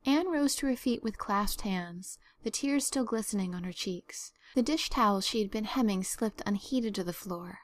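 A woman narrating a story as an audiobook reader, measured and expressive. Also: mid-range voice. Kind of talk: scripted narration.

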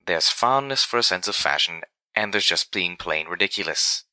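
A man's voice: low-pitched, animated, normal speed, bright, forceful tone, dry recording, full character voice. A man voicing a refined female unicorn pony who speaks in a prim, arch, mannered way in a storybook reading.

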